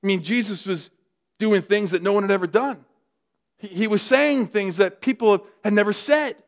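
A middle-aged man preaching a sermon as pastor, telling stories in an animated way. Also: sits high, moderate pace. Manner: animated storytelling, rises excitedly.

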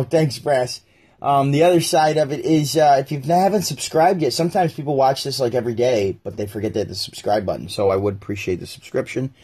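A man's voice: medium pitch, darkish tone, husky. A man hosting a casual livestream, talking in a rambling way and acting out the people in his stories. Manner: rambling, acts out voices of people in anecdotes. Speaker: live-stream host.

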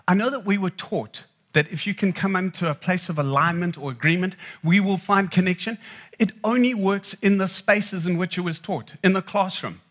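A man tells jokes and stories in a live talk about marriage, with an animated delivery. His voice sits high and sounds clear and bright. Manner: joking, animated storytelling. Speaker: speaker.

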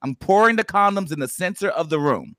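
A man's voice: high voice, expressive, fairly quick, sharp tone, no echo, clean studio sound. Playful man hosting a podcast chat. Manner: playful, hesitant with fillers. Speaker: podcast host. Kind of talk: casual chat.

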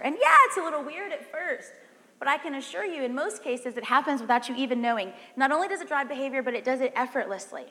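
Woman preacher with a Southern accent, high and bright, chatty, asks the room questions. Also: long reverb tail. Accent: Southern American. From Southern United States. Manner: animated, conversational, asks the audience questions. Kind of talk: sermon.

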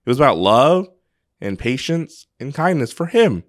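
A man's voice: mid-range voice, sing-song, normal speed, dry recording, clean studio sound. A man co-hosting a podcast, telling a personal story in an earnest, casual way, often restarting his sentences. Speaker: podcast co-host.

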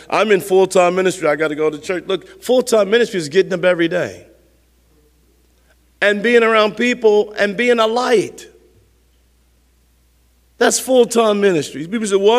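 A man's voice: high-pitched, big-room sound. A man preaching a sermon as pastor, talking it through conversationally with rhetorical questions and repeated phrases.

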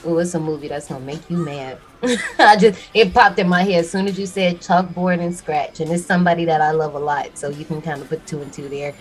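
A woman's voice: sits low, a little fast, soft background music, poor audio. A young woman co-hosting a podcast, chatting casually, laughing often and saying y'all. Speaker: podcast co-host. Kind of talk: casual chat.

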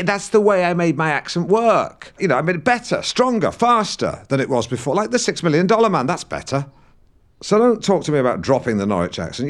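A man's voice: medium pitch, lightly acted. A man playing a pompous, touchy middle-aged male broadcaster who hosts a comedy podcast, talking in a defensive, pedantic rant. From Norfolk, England. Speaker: podcast host. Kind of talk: scripted comedy podcast monologue.

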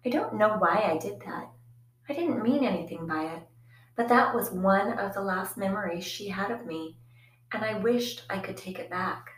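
A woman reads a first-person story aloud in a quiet, reflective way, her voice sitting in a middle register. The recording carries a noticeable echo from the room. Her storytelling stays even and unhurried. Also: medium pitch, a little hiss or hum. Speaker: audiobook narrator. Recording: echoey room.

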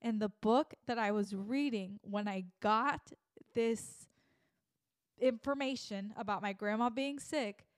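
Young female podcast host, lively storyteller who acts out her own thoughts. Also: a little high, slow pace, clean tone. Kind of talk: faith podcast conversation.

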